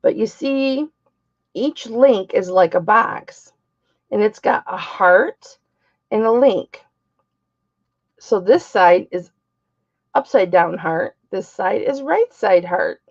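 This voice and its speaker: Slow, chatty middle-aged woman selling jewelry. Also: medium pitch, lively intonation, dull audio. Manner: chatty, bawdy, greets viewers by name. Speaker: live-stream jewelry seller. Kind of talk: live-stream auction chat.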